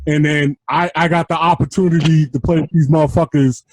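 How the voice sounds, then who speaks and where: Animated profane storyteller, New man. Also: on the high side, a little fast, a little hiss or hum. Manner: animated, profane, laughing, acting out quotes. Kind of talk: casual storytelling.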